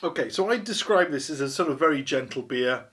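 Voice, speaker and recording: A man's voice: fairly high pitch, expressive, a little fast, fairly bright tone. A man hosting a casual beer review vlog, chatty and wry, poking fun at himself. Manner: chatty, wry, self-deprecating.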